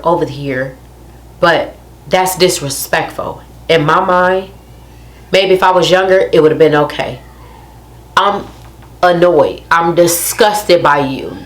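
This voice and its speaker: A young adult woman, telling a story in a casual, emphatic rant to her viewers and repeating her points. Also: sits low. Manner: emphatic, repeats phrases, addresses viewers directly. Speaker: vlogger.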